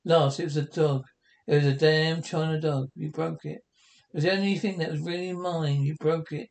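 A man's voice: fairly high pitch, fairly even intonation, normal speed, gravelly, darkish tone. A man voicing a frightened abused wife who has had enough, pleading and defiant. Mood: bitter.

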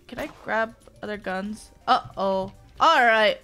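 A woman's voice: mid-range voice, slow pace, hardly any pauses, sharp tone, clean tone, soft background music. A woman streaming a video game, joking around with theatrical mock pleading and giggles. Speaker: gaming streamer. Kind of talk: playful let's-play commentary.

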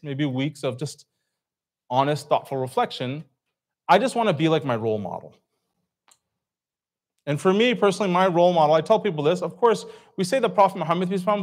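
A man's voice: fairly high pitch, animated, a little fast. A man giving an informal religious talk to a live audience, conversational, asking the crowd questions and acting out reactions. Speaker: speaker at a community talk. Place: event hall.

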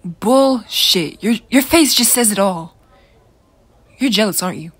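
A woman voicing a brash, teasing teenage boy in an audio role-play, loud and pushy. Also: medium pitch, lively intonation, unhurried, breathy edge, dry recording. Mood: mocking.

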